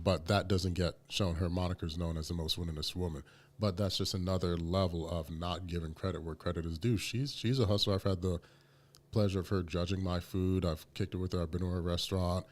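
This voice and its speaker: A man's voice: low voice, darkish tone. A man co-hosting a podcast, talking casually and emphatically with many fillers. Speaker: podcast co-host.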